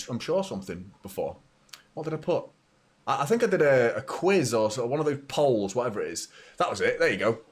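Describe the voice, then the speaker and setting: A young man hosting a football watchalong live stream, chatting casually, reading out viewer comments and often stumbling over his words. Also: medium pitch. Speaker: football channel host.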